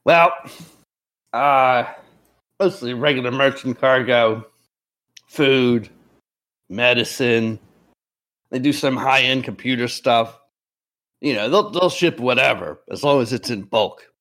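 A man running a tabletop game, briefing the players in a relaxed, rambling way while a bit under the weather. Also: mid-range voice, takes it slowly, pauses often. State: a bit sick, clearing throat. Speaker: game master. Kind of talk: voicing a military chief in a tabletop game.

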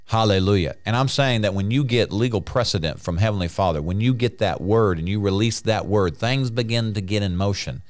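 A male preacher delivering a sermon in a somewhat low voice. He talks emphatically, circling back over his phrases and punctuating them with hallelujahs. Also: clean tone. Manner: emphatic and repetitive, restarting phrases, frequent hallelujahs.

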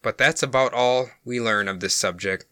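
A man's voice: medium pitch, moderate pace, bright, forceful tone, dry recording, studio quality. A man hosting a podcast, narrating a case in a casual, amused way. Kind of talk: storytelling narration.

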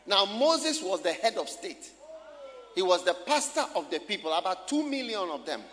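A man preaching a sermon from Ghana, firing questions at the congregation and shouting for emphasis, recorded live in a church. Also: high voice, sing-song, moderate pace. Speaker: pastor. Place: church hall. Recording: live church recording with long hall reverb.

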